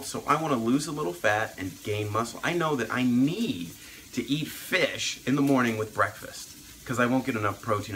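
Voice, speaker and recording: A man's voice: mid-range voice, sharp tone, slight background noise, poor audio. A man, a doctor, chatting casually through a cooking vlog in his home kitchen, upbeat and self-deprecating. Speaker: doctor vlogging about meal prep. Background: kitchen sizzle.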